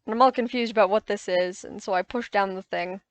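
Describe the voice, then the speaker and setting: Speaking a little fast in a mid-range voice, a gaming YouTuber gives casual, rambling commentary over her own gameplay. She frequently corrects herself while describing what frustrated her.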